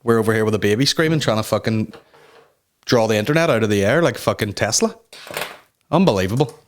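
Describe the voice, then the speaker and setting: A man's voice: lowish voice, animated, fast talker. A young man hosting a comedy podcast from home, ranting casually in a sweary, rambling, self-mocking way. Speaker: podcast host. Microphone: talking to a camera.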